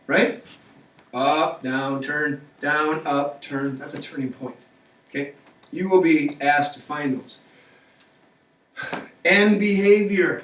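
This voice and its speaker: A man with a voice on the high side, a bit bright, teaches a math class slowly, leaving long pauses. He coaxes students along with frequent check-in questions in this classroom lecture. The mic sits far off in an echoey room, with slight background noise.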